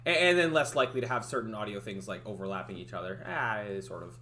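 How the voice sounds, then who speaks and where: A man's voice: fairly low pitch, lively intonation, fast, bright, forceful tone. Rambling man thinking aloud. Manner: rambling, self-interrupting, laughs often. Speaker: livestreaming game developer. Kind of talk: casual thinking-aloud chat.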